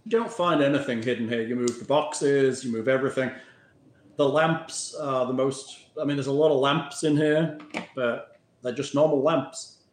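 A man running a tabletop game as game master, in a relaxed and joking way over voice chat. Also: mid-range voice, moderate pace. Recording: echoey room with faint noise.

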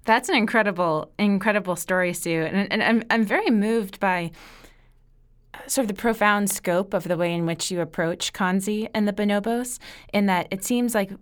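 A woman's voice: mid-range voice, normal speed, smooth. A woman interviewing a guest, thoughtful and searching for her words as she builds long questions. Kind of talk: conversational interview.

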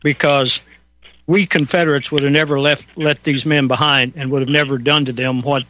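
A man's voice: medium pitch, little pitch movement, moderate pace, bright, forceful tone, no echo, rough recording. A man from the American South hosting a radio talk show, chatting casually and rambling with many fillers. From Southern United States.

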